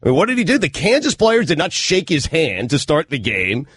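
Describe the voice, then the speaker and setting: A man's voice: a little high, wildly swooping pitch, brisk, a bit bright, husky. A man co-hosting a sports radio show, insisting on his opinion in repeated short statements. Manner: insistent, repetitive, hesitant fillers. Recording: dry studio mic.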